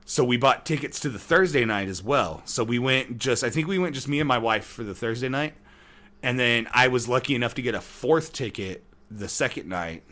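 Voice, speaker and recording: Casual podcast co-host, man in his 30s, mid pitch, animated storyteller who rambles. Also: fairly quick. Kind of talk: casual chat.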